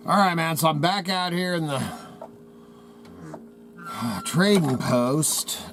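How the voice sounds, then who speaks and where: A man's voice: fairly high pitch, animated, slow, a bit bright. A man hosting his channel from a trading post, ranting in an agitated, rambling way with folksy slang about a cover-up. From Idaho. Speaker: channel host. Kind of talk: heated rant to camera.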